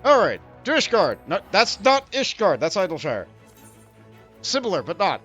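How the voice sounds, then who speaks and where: Male game streamer, casual gameplay chatter, animated, laughs often, fairly high voice, faint music behind. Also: normal speed, husky.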